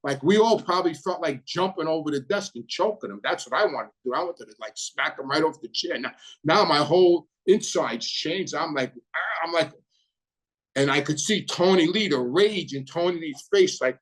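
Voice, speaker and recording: A man's voice: fairly high pitch, animated, normal speed, poor audio. A middle-aged man hosting his own channel, recounting his past in a casual, rambling monologue full of repeats and "you know"s.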